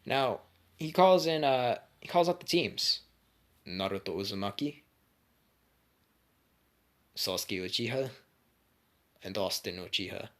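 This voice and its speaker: A man's voice: lowish voice, lively intonation, unhurried, pauses often, a bit bright. A young man telling a made-up story in a casual, rambling way, full of slang and swearing.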